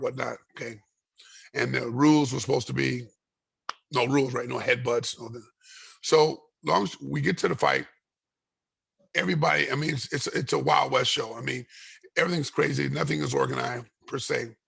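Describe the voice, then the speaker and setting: A man guest in an interview, telling a long story with animated energy, voicing other people in it, often repeating and restarting his words. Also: mid-range voice. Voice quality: gravelly, raspy. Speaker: guest, retired fighter.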